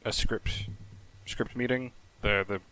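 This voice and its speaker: A man co-hosting a casual podcast chat, wry and relaxed, swearing and laughing often. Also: on the low side, slow pace, clear, resonant tone, poor audio. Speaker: podcast co-host.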